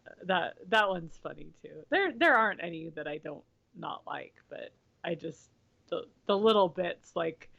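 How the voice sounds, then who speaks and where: A woman co-hosting a podcast, chatting casually and haltingly, repeating words as she goes. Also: lowish voice, animated, gravelly, fairly bright tone, lo-fi sound. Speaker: podcast co-host. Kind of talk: casual chat.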